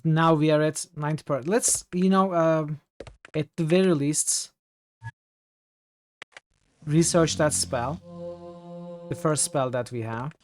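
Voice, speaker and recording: With soft background music, this man's higher-leaning voice moves slowly and pauses often. He has a Turkish accent and speaks Turkish natively, casually commenting on the game he's streaming, thinking aloud and reading chat with frequent fillers.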